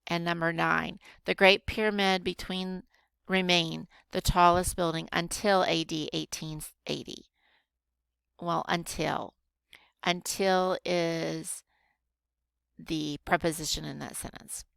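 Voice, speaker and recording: Woman, teacher, patient step-by-step explaining, gravelly, dry close recording. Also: lowish voice, little pitch movement, slow, a bit bright, dry recording. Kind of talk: recorded grammar lesson.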